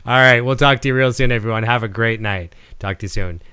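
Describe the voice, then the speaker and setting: A man's voice: medium pitch, quick pace, pushed and bright, clean tone, no echo. A man with a Canadian accent hosting a casual livestream chat, signing off in a friendly, rambling way. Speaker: show host.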